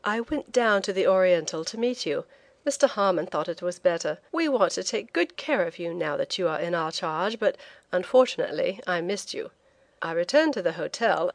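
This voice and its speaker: A woman's voice: fairly low pitch, animated, moderate pace, gravelly, no echo. A woman reading the lines of a kind, sympathetic young male ship purser who reassures a traveler. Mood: kindly.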